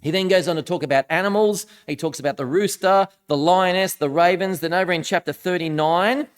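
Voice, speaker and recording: A man with a high voice gives a sermon in a relaxed, chatty manner. He reads scripture aloud and leans hard into the dramatic lines. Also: fairly quick, clean tone. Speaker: minister.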